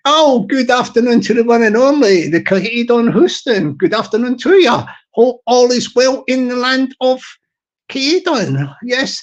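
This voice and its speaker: A man's voice: extremely high pitch, lively intonation, unhurried. A man hosting a live stream, chatting casually to viewers, self-mocking and chuckling at his own jokes. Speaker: livestream host.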